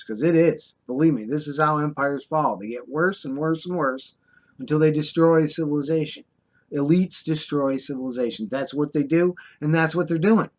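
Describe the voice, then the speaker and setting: An older American man delivering an impassioned, scolding monologue to the camera, drawling sarcastic asides. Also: mid-range voice. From United States. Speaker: vlogger. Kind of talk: ranting monologue.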